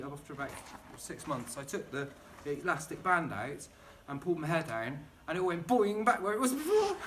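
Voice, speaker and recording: A man's voice: fairly high pitch, sharp tone, slight background noise. A middle-aged man chatting and rambling enthusiastically while demonstrating gardening at home in his kitchen. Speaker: gardening vlogger.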